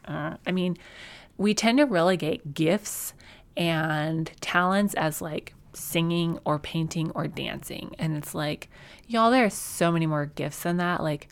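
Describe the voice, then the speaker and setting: A woman hosting a faith podcast, talking in a chatty, encouraging way with many fillers and restarts. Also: lowish voice. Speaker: podcast host. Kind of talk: faith-based podcast talk.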